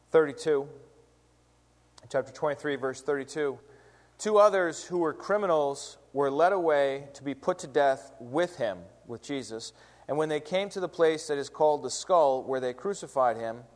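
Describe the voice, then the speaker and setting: A man's voice: fairly high pitch, long reverb tail. A man preaching a sermon in a conversational, emphatic way. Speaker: pastor.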